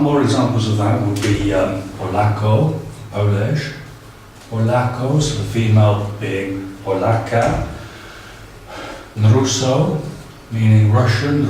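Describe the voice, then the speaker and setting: A man's voice: lowish voice, a little mellow. Hesitant male teacher in an echoey room. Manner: hesitant, many ums and uhs. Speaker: language teacher. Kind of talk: casual spoken tutorial. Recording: very echoey, distant, faint background noise.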